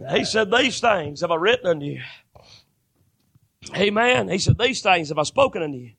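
A man preaching a fervent sermon, building to shouted bursts. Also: high voice, animated, moderate pace, gravelly, a crowd in the background.

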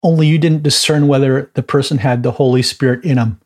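A man's voice: medium pitch, fairly even intonation, a little fast, darkish tone. Chatty male Bible teacher. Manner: chatty, laughs at own stories, frequent asides. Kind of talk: informal teaching talk.

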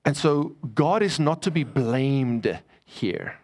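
Pastor preaching a casual sermon. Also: male voice, mid-range voice, lively intonation, slow. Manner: conversational preaching, jokes with the congregation.

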